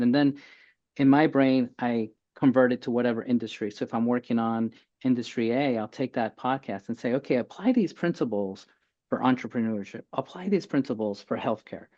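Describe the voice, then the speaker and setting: Energetic middle-aged man, dull lo-fi sound. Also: medium pitch. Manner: energetic, explanatory. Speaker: physician guest. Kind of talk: casual interview chat.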